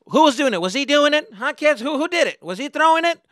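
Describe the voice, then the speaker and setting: A man voicing an angry, bossy school bus driver who barks and shouts at kids. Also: high voice, lively intonation, normal speed, dry recording, studio quality, voice pushed up, full character voice.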